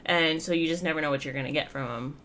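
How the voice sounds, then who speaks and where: A low-pitched, sharp-toned woman talks fast while co-hosting a podcast about comics. She reviews a comic in casual, chatty, rambling conversation, laughing easily.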